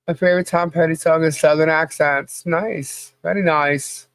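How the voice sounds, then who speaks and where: A woman's voice: deep voice, steady tone, moderate pace, hardly any pauses, no room sound. Woman chatting on a live podcast stream, greets chat by name, laughs a lot, dry close sound. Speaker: podcast co-host. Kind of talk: casual livestream chat.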